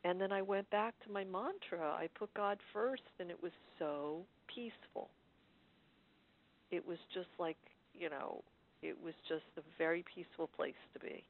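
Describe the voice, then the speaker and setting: A woman's voice: lowish voice, steady tone, moderate pace, slight background noise. A woman telling a personal story in casual conversation, chatty and laughing often as she talks. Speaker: caller sharing in a study group. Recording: phone-line audio.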